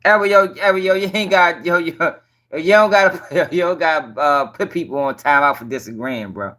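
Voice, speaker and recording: Man, livestream commentator, high voice, bright and forceful, blunt and profane, repeats himself. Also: brisk. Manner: blunt, exasperated, heavy slang and cursing, repeats himself; talks to chat viewers directly. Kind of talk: casual profane commentary reading court papers.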